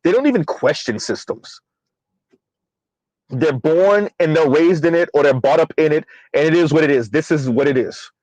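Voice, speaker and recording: Guy rambling on a commentary stream, lots of ums and uhs, kinda high voice. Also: normal speed, darkish tone, dry recording, poor audio. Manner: rambling, filler-heavy, talks to chat; refers to himself in third person. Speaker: commentary channel host. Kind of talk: casual livestream commentary.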